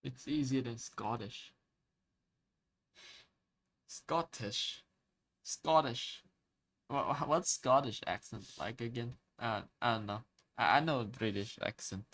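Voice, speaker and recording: A man chatting casually on a live art stream, speaking at a middle pitch. He keeps stammering and restarting while hunting for the right word. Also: moderate pace, fairly bright tone, dry recording. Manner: hesitant, stammering, searching for words.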